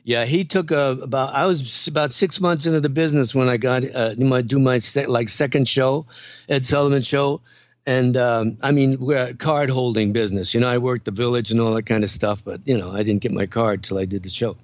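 An older male comedian spins anecdotes in a lively way and drops into character voices. His pitch sits in the middle range. The recording is dry and close. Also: fairly quick, dry recording. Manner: animated, slips into impressions and voices. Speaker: guest comedian and impressionist. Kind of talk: anecdotal storytelling in an interview.

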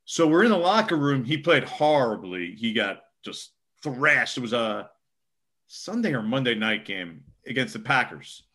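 Man, sports reporter, bright forceful voice, casual rambling storytelling, lots of fillers. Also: mid-range voice, big pitch swings, measured pace.

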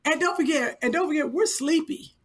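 A woman co-hosting in casual chat, animated and emphatic, often exclaiming. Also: high voice, brisk. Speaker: radio veteran and co-host.

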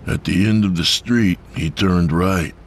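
A man narrating a horror story in a steady, measured way. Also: deep voice, slight background noise.

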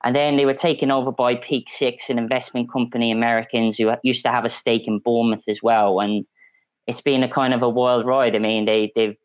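A man's voice: mid-range voice, a little fast, no echo, highs cut off. A man on a football podcast panel telling a long story in a casual, chatty way with frequent restarts. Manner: storytelling, animated, many restarts.

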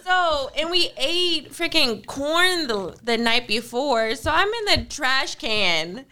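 A woman co-hosting a casual podcast, telling an animated story and acting out the voices in it. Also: high-pitched, takes it slowly. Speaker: podcast co-host. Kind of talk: casual chat.

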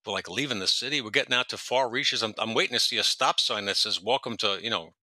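A man's voice: fairly low pitch, fast talker, sharp tone, no echo. A man telling long stories as a podcast guest, rambling and correcting himself as he jumps around in time. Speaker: podcast guest, retired police detective. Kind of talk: storytelling in a casual interview.

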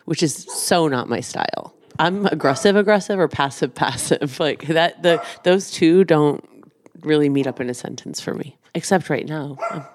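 Low-voiced woman chatting with laughs. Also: normal speed, slight background noise. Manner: laughs often, chatty and self-deprecating. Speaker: podcast co-host. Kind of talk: casual chat with partner.

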